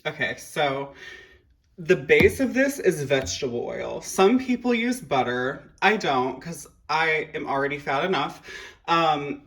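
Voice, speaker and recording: A man's voice: on the high side, lively intonation, a little slow, a bit bright, husky. A man hosting a casual home cooking vlog in his kitchen, rambling with lots of fillers, swearing and joking at his own expense. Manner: rambling, self-deprecating, swears freely. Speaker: cooking show host.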